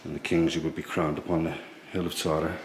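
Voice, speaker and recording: Man, very deep monotone voice, hushed tour-guide vlog, echoey room with noise. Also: quick pace. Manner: hushed, low-key explaining. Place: museum in an old priory, indoors.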